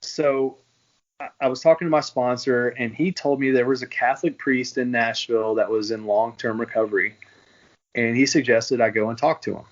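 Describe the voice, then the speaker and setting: A man guest on a podcast, telling his own story in an earnest, halting way, with many restarts. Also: medium pitch, steady tone, dull audio. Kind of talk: candid personal storytelling.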